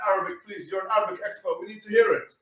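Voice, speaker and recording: A man co-hosting a debate stream, explaining in a measured way and repeating himself when talked over. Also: high-pitched, fairly even intonation, a bit bright, heavy reverb, distant mic, rough recording. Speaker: co-host. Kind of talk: debate show talk.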